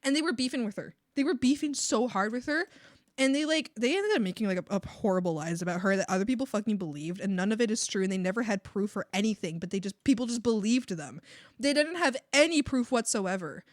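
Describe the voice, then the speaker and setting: A young woman artist chatting casually on a livestream while drawing, rambling and animated, often swearing and laughing. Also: mid-range voice, fast talker, no room sound, studio quality. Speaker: artist streamer.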